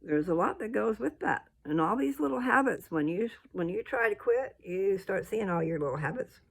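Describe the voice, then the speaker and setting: An older woman ranting bluntly to her viewers, scolding and rambling, with her voice jumping up into high indignant peaks. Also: animated, moderate pace, vocal fry, slightly rough. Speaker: vlogger. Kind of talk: casual rant to camera.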